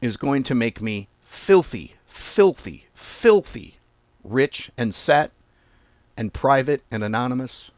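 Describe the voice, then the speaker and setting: A man's voice: mid-range voice, animated, slow, no echo. A man hosting a trading channel talks through his screen in a loose, offhand way. He rambles casually and hammers points by repeating words. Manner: chatty, emphatic repetition, loose and offhand. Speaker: forex trading channel host. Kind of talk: casual live screen-share walkthrough.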